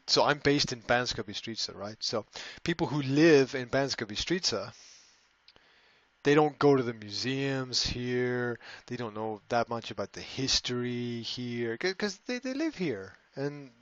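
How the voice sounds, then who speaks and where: A man's voice: medium pitch, lively intonation, a little slow, a bit bright, dry recording, highs cut off. A man hosting a casual live stream, rambling, often repeating words and reading out viewer comments. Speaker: language school host answering live chat.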